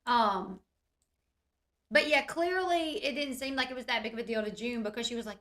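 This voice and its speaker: Woman, casual show recap, chatty, talks to viewers, bright tone, a bit high. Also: moderate pace. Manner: chatty, addresses viewers as "you guys", lots of "like". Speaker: reality TV recap YouTuber.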